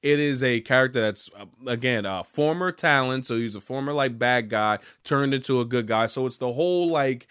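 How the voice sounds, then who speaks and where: A man's voice: mid-range voice, moderate pace, few pauses, a bit bright, smooth. A young man ranting casually as a gaming vlogger, rambling and profane.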